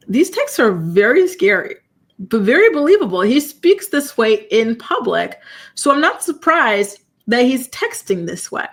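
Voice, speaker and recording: A woman hosting a casual live-stream commentary, talking straight to her viewers. She sounds incredulous and animated, with frequent "you know" and "y'all". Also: medium pitch, takes it slowly. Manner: incredulous, animated, reacts to chat. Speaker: commentary channel host.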